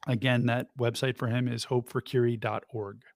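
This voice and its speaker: A man co-hosting a live podcast, relaxed and chatty, giving shout-outs. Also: mid-range voice, moderate pace, no room sound. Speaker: podcast co-host. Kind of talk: casual live podcast talk.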